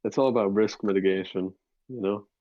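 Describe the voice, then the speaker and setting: A man's voice: on the low side, steady tone, fairly quick, mellow, dull audio. A man chatting casually on a podcast, dropping dry teasing remarks. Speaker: podcast co-host. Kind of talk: casual chat.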